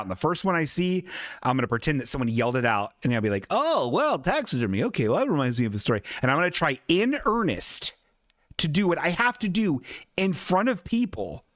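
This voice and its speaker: A man's voice: mid-range voice, a bit bright, no room sound, studio quality. A man hosting a live-streamed podcast in casual chat, rambling, self-deprecating and swearing a lot. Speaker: podcast host.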